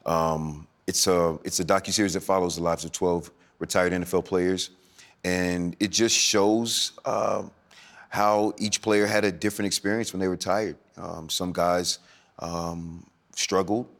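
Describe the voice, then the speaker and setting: A man in his forties speaking as a podcast guest, with a soft, smooth and melodic way of talking. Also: low voice, steady tone, unhurried. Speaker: guest, former NFL running back turned actor. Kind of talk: podcast interview.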